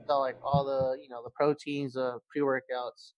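A young man from California, a podcast guest telling stories in animated casual chat. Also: medium pitch, moderate pace, no room sound, lo-fi sound.

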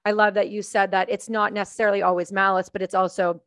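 A woman's voice: mid-range voice, level tone, fast talker, fairly bright tone, no room sound. Earnest woman host, dry close sound. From Canada. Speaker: podcast host. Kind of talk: conversational interview.

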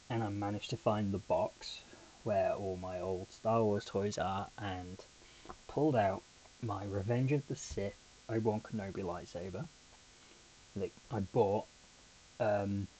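On his own podcast, a man rambles through a chatty story packed with asides in a relaxed solo format. His voice is lowish and dark, with slight background noise and poor audio.

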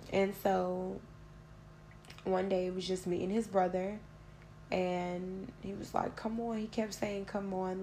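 A woman's voice: fairly low pitch, vocal fry, dark tone, a little hiss or hum. A young woman hosting a podcast, recounting a personal story in a blunt, profane, conversational way. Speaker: podcast host.

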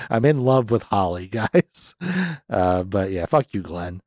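A man's voice: lowish voice, moderate pace, darkish tone, no echo, studio quality. A man in his thirties hosting a podcast, chatting casually and ramblingly about a film and swearing freely. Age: 30s. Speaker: podcast host. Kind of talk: casual movie review chat.

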